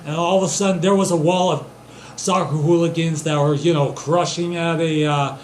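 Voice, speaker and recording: A man's voice: a little high, fairly even intonation, normal speed, echoey room, a little hiss or hum. A young man improvising an absurd, profane comedic story, rambling and loosely voicing the characters he quotes.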